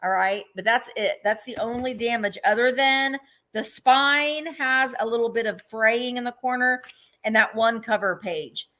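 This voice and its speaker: A woman's voice: on the high side, measured pace, bright, forceful tone. A woman hosting a live vintage sale, chatting casually, laughing easily and describing each item in detail. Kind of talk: casual live-stream selling.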